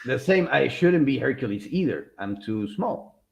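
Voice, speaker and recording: A man co-hosting a podcast, chatting casually in an animated, rambling way, often restarting his sentences and laughing. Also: mid-range voice, normal speed, creaky. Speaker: podcast co-host. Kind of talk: casual chat.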